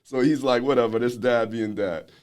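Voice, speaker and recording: A man's voice: mid-range voice, moderate pace, darkish tone. A man hosting a podcast interview, asking questions and affirming his guest with easy laughter. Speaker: podcast host. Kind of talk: casual interview talk.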